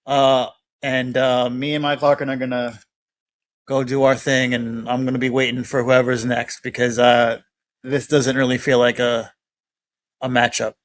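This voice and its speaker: A man delivering a mock wrestling promo at a mid pitch. He rambles with plenty of fillers and brushes his opponent off. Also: flat delivery, normal speed. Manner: rambling and dismissive, full of fillers. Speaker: podcaster cutting a promo.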